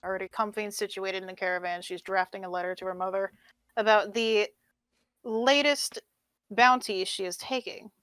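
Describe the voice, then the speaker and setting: A woman's voice: medium pitch, steady tone, normal speed, a bit bright, smooth, no echo. A woman playing in a tabletop game, casual and playful, describing what her character does. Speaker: player. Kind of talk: casual role-play chat.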